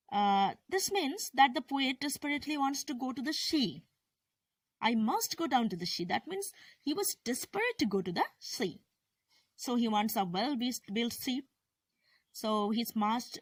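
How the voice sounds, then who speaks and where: A woman's voice: on the high side, dry recording. A woman teacher explaining a poem to her students, hesitant, often restarting and correcting herself. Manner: hesitant, with fillers and self-corrections. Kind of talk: classroom lesson on a poem.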